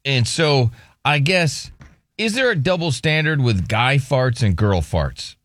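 Joking male radio host, lively voice. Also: medium pitch, a little slow, dry recording, studio quality. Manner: joking, playful, teasing. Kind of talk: casual radio banter.

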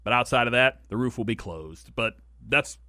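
A man's voice: mid-range voice, animated, moderate pace, bright, forceful tone, dry recording, studio quality. A man co-hosting a casual sports podcast, talking at length with frequent restarts and firm opinions. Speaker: co-host.

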